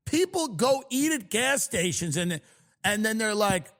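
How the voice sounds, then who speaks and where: High, lively man ranting on a podcast. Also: measured pace. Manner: loud, mocking, exaggerated. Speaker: podcast host. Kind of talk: comedic rant.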